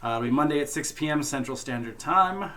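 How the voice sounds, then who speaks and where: A man narrating and hosting a tabletop game as game master, relaxed and jokey, often laughing. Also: fairly high pitch, a little fast.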